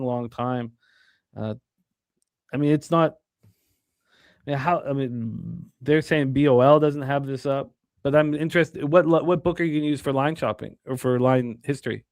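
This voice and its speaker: A man hosting a sports betting show, talking casually in a rambling, excitable way with many fillers and restarts. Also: mid-range voice, moderate pace, dry recording, studio quality.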